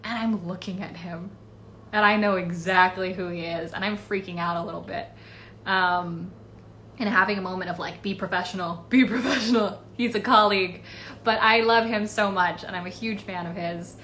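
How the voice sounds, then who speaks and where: A woman's voice: lowish voice, fairly even intonation, normal speed, pushed and bright, a little hiss or hum. A woman voice actress answering fan questions in a casual livestream, chatty and rambling with many fillers. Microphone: phone or webcam livestream.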